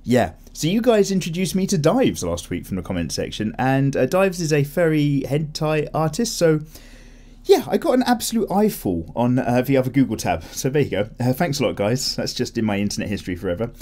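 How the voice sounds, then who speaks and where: A young man chats easily while he sketches, drifting from one thought to the next and correcting himself as he goes. His voice sits at a middling pitch but swings up and down freely, giving a relaxed, animated feel. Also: brisk. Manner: chatty, rambling, self-correcting with laughs. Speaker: art channel host. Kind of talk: casual chat while drawing.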